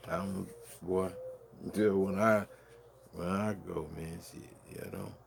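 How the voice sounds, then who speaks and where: A man's voice: sits low, fairly even intonation, takes it slowly, gravelly, slight background noise. A man in his fifties, grieving, rambling profanely through a late-night monologue with many restarts. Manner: profane, meandering, restarts often. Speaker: vlogger.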